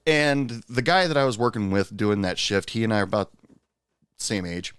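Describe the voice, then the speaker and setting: A man's voice: lowish voice, normal speed, a bit bright, clear, resonant tone, dry recording. A man hosting a podcast, telling a personal story in a candid, rueful, conversational way. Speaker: podcast host.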